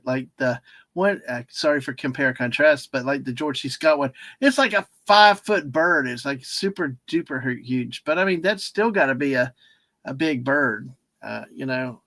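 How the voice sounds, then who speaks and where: A man's voice: mid-range voice, moderate pace, bright, forceful tone, no room sound. A middle-aged man co-hosting a casual chat, talkative and going off on explanatory tangents. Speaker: co-host.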